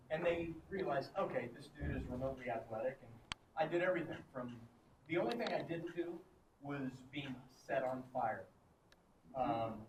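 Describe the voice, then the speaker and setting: A man from Texas telling laughing, profane anecdotes as a guest on a convention panel, heard in a noisy hall from far off. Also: fairly high pitch.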